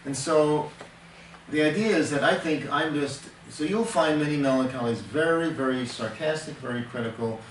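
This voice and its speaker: A man's voice: fairly high pitch, normal speed. An older man, a counselor, giving an earnest teaching talk and explaining with everyday examples, often restarting his sentences. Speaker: temperament counselor. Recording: echoey room, distant mic, faint noise.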